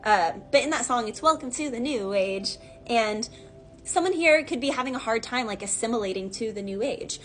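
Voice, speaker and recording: A woman with a fairly high voice talks her way through a tarot reading. She wanders off into asides and fills the gaps with fillers. Soft music plays faintly underneath. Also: fairly quick. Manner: rambling, chatty, full of fillers and asides. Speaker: tarot reader. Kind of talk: casual channeled tarot reading.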